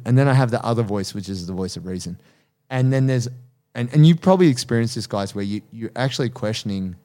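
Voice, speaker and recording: A man's voice: on the low side, fast talker, mellow. A man hosting a casual podcast, talking animatedly about jiu-jitsu coaching, laughing often and swearing casually.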